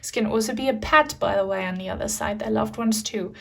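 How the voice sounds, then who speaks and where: A woman's voice: on the high side, a little fast, creaky, fairly bright tone. A woman giving a pick-a-card tarot reading, talking in an emotional, reassuring way with many fillers. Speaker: tarot reader.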